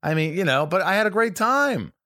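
Lively, animated middle-aged man. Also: sits high, brisk, no echo, clean studio sound. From Canada. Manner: animated storyteller, jokey. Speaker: podcast guest, actor. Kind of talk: casual chat.

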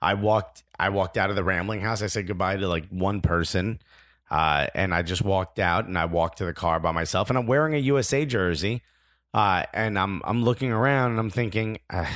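A man's voice: lowish voice, a little fast, fairly bright tone, no echo, studio quality. A man co-hosting a podcast in casual chat, earnest and emphatic, with some self-deprecating humor. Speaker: podcast co-host.

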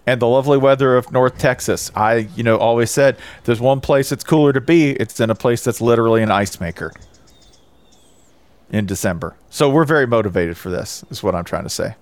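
A man playing a laid-back college football coach, answering in a rambling, hesitant, deadpan way during a comedic bit in a casual chat. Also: medium pitch, a little fast, dry recording, close to an everyday voice.

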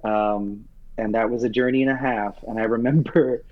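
A man and Broadway actor, telling a personal story in an interview with earnest, halting emotion and frequent restarts. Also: medium pitch, steady tone. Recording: dull lo-fi sound.

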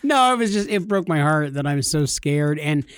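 Man, thirties, casual comic storytelling, rambling, self-deprecating, slightly high voice, dry sound. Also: animated, normal speed, smooth, dry recording. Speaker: host telling a story.

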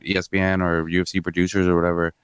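Low monotone guy chatting fights on a podcast, swears a lot, clean dry mic. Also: racing, clear, resonant tone, no room sound. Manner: rambling, swears a lot, many fillers. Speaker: podcast co-host. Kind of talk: casual sports chat.

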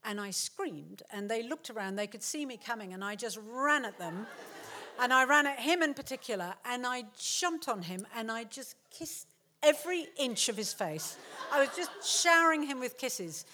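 Middle-aged woman, author telling a comic story on stage, animated, slightly high voice. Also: normal speed, slight background noise. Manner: animated, laughing, acts out quotes. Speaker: author giving a talk. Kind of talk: storytelling to a live audience. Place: theatre stage.

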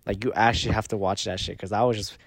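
A young man chatting on a podcast, retelling a story in a lively, slangy way, swearing often and acting out what people said. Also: lowish voice, fast talker. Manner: animated, slangy, swears a lot, acts out quotes. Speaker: podcast co-host. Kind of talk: casual chat, storytelling.

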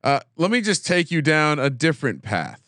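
A man's voice: fairly high pitch, very animated, moderate pace, pushed and bright, no echo, studio quality. A man hosting a casual sports betting chat, teasing his co-host as he reads the lines.

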